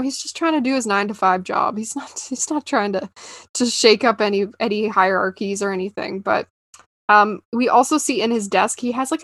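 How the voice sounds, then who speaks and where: A woman's voice: medium pitch, a bit bright, no echo, clean studio sound. A young woman chatting enthusiastically about a TV series, with lots of fillers. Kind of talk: casual chat about a TV series.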